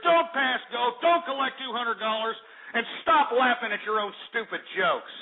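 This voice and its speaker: Abrasive shock-jock radio host, tinny. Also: male voice, very high-pitched, fairly even intonation, brisk, loud music behind the voice. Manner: abrasive, yelling insults at callers. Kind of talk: shock-jock call-in rant. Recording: tinny phone-quality audio.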